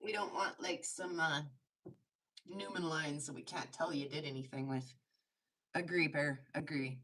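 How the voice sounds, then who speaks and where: A woman hosts a casual livestream where she makes jewelry, chatting while she works, laughing often, and making self-mocking asides. Her voice sits low with a fairly bright tone and fairly even intonation, and she speaks a little slowly. The recording is rough.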